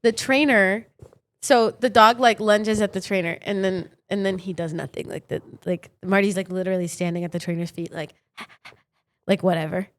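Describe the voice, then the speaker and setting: A woman's voice: mid-range voice, normal speed. A woman co-hosting a podcast, telling stories in casual chat and acting out the quotes. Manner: animated, acts out quotes, breaks into silly sung bits. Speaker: podcast co-host.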